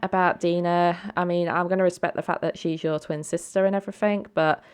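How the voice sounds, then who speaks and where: A woman voicing a confident, unbothered young woman in a life-sim game, in a low, smooth voice. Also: fairly even intonation, fairly quick, darkish tone, lightly acted. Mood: defiant.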